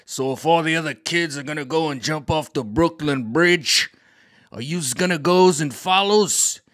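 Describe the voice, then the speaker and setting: A gruff New mechanic dad, put on by a man scolds his son in broken, mangled grammar. The voice rises loud and slow, and the sound stays dry and close. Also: a little high, dry recording, pitched above the performer's own voice, close to an everyday voice. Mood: scolding.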